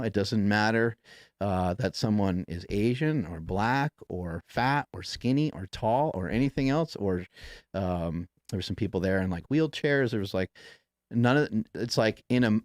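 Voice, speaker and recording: Low-voiced man telling a profane story. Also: animated, moderate pace, no echo, studio quality. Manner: profane, rambling, acts out quotes with laughs. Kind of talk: casual storytelling chat.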